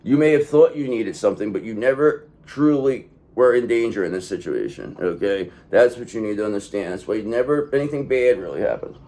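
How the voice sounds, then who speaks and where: A man giving a casual tarot reading, talking in an emphatic, profane, streetwise way and swinging between loud bursts and low asides. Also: lively intonation, fairly quick, hardly any pauses. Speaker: tarot reader.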